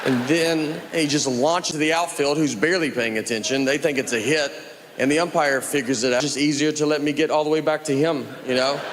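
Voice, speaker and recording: Middle-aged guy doing stand-up, deadpan rambling stories, noisy live room with the crowd laughing. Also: fairly high pitch, a little fast. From Tennessee, USA. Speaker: stand-up comedian. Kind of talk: stand-up comedy set. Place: comedy stage with live audience. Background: audience laughter.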